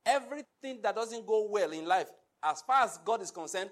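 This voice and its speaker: A man's voice: sits high, animated, moderate pace. A man preaching a sermon, emphatic and full of rhetorical questions to the congregation. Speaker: pastor.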